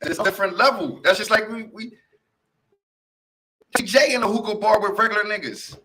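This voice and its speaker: A man in a casual debate among friends, speaking in profane slang and pressing his point insistently, loud at times. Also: sits high, a little fast, background noise.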